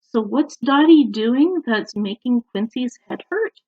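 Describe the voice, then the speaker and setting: A woman teacher reads a picture book aloud to young children at home, speaking slowly and animatedly and pausing to ask them questions. Her voice sits on the high side with a breathy edge. The recording sounds dull and lo-fi.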